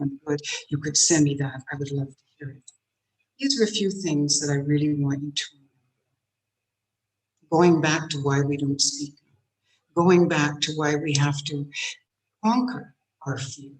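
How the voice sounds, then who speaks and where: A woman giving a motivational speech on voice to a women's club, shifting between soft, drawn-out phrases and forceful ones. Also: sits low, poor audio. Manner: demonstrates tense and relaxed voices. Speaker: guest speaker. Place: meeting room.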